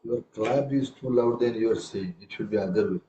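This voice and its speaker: A man's voice: on the low side, brisk, highs cut off, heavy background noise. A man teaching a tabla class over a video call, correcting students and reciting rhythm syllables aloud. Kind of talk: online music lesson.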